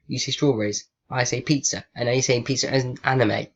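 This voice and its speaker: Here the same sort of sarcastic, swearing young vlogger talks casually to a chatbot, voicing each question as he types it. He speaks briskly in a mid-range voice with fairly even intonation, and the sound is lo-fi.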